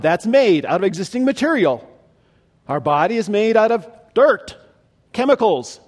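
A man's voice: sits high, darkish tone. A man preaching a sermon, speaking conversationally and posing questions to his listeners. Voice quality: conversational, asks the audience questions. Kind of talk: sermon teaching.

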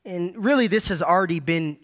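Male preacher, emphatic sermon delivery, high-pitched and bright-toned. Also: a little fast. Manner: emphatic, repeats key phrases for stress; addresses congregation directly, reads scripture aloud.

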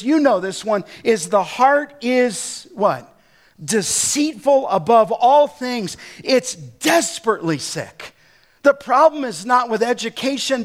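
A middle-aged man with a notably high voice delivers a sermon as a pastor. He preaches emphatically, drawing out verses slowly and building to forceful, near-shouted declarations.

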